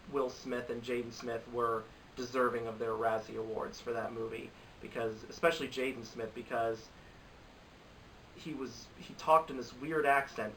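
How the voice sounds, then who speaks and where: Young man, bright tone, opinionated rambling vlogger; recorded a bit off-mic with light hiss. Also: mid-range voice. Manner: rambling, opinionated, with frequent restarts. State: has a cold. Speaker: movie reviewer. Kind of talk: casual opinion vlog. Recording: slightly distant mic with faint hiss.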